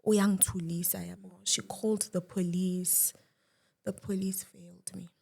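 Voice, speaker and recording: A young woman, a guest, telling a personal story with emotion, dropping to a hush at times and restarting her words. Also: lowish voice, little pitch movement, measured pace, gravelly, slightly rough. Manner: shifts between loud and hushed, restarts.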